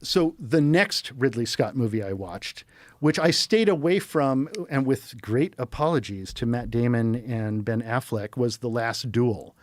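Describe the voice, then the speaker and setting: A middle-aged man talking casually as a podcast guest, telling animated, rambling stories full of quoted asides. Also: mid-range voice, unhurried, no echo. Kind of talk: casual chat.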